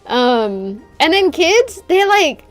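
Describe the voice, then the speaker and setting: A woman's voice: extremely high pitch, sing-song, slow pace, faint music behind. A woman streamer chatting casually while gaming, ranting with swearing and laughs.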